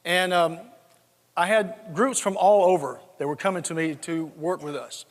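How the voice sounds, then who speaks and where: A man's voice: high-pitched, moderate pace. Folksy Southern man in his sixties. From South Georgia, USA. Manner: folksy, joking, repeats words when starting a thought. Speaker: conference speaker. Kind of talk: storytelling keynote speech. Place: large conference hall. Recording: reverberant conference hall.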